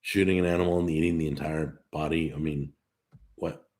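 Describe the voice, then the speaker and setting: A man hosting a casual live stream, reading out viewer comments and answering them in an animated, talkative way. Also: rumbling low, a little fast. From California. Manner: talkative and animated, with frequent restarts. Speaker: host of a cooking live stream.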